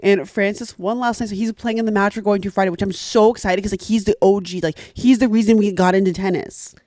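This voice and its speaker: Animated young woman podcast co-host. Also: mid-range voice, fast talker, dry recording, studio quality. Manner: animated storyteller, teasing, playfully argumentative. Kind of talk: casual chat.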